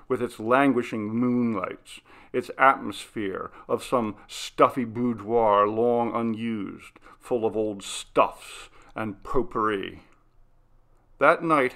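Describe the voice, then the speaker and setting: Male audiobook narrator, unhurried and deliberate, reading a ghost story with dramatic weight at a mid pitch. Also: gravelly, fairly bright tone. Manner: slow, measured, dramatic reading.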